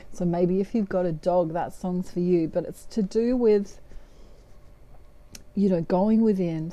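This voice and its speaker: Slow, mellow Australian woman reading tarot. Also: mid-range voice. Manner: chatty, meandering, breaks into humming. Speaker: tarot reader. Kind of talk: casual channelled reading.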